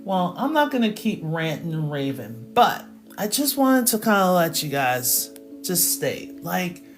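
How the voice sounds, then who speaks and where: A woman's voice: unhurried, faint music behind. A woman who hosts a math channel, giving a casual motivational rant to her viewers, laughing often and answering live chat. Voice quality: lively, swinging pitch. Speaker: math teacher and channel host.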